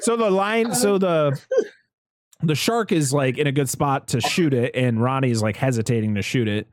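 A man co-hosting a casual movie recap, talking animatedly and yelling out character lines. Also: normal speed, no room sound, studio quality. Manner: animated, mimics characters with loud high yells. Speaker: podcast co-host recapping a movie. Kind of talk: casual chat.

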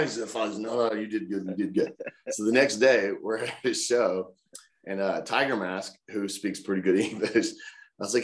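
A man telling animated stories as an interview guest, acting out other people's voices. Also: lowish voice, normal speed, reverberant. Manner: animated, acts out voices in anecdotes. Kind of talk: casual storytelling in an interview.

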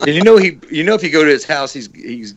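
A man co-hosting a podcast, chatting casually about horror movies with a gravelly, profane, laugh-filled manner. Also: a little high, lively intonation, fast talker, lo-fi sound. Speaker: podcast co-host. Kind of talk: casual chat.

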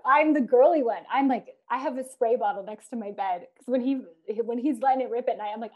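A woman's voice: on the high side, a little fast, hardly any pauses, muffled recording. A woman co-hosting a casual podcast chat, giggly and affirming. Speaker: podcast co-host.

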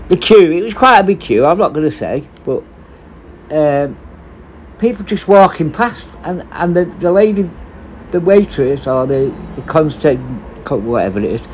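A former prison officer talking bluntly in a casual, sweary monologue. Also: male voice, high voice, muffled recording, slight background noise.

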